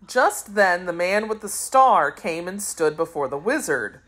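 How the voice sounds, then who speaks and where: A woman narrating a children's storybook aloud in a clear, even storytelling manner. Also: on the low side, measured pace. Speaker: audiobook narrator.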